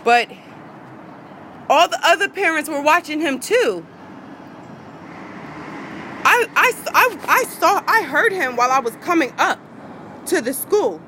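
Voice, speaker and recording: A woman's voice: sits high, lively intonation, normal speed, pauses often, a bit bright, slight background noise, low-quality recording. A woman, a vlogger in an angry rant to her viewers, heated, profane and repeating herself.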